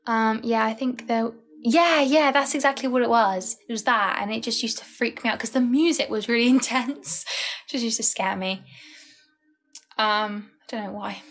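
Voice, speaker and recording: A woman's voice: a little high, normal speed, a bit bright. A young woman chatting casually on a live stream, rambling and laughing often. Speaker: livestreamer.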